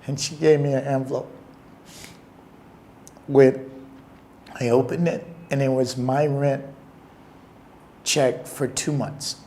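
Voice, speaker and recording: A young man telling a personal story in an interview, earnest and emotional, with halting pauses. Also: mid-range voice, steady tone, dark tone.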